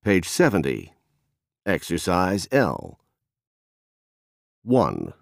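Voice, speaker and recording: A man narrating textbook audio, announcing exercise numbers and instructions in a measured way. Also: sits low, wildly swooping pitch, creaky, no echo, clean studio sound.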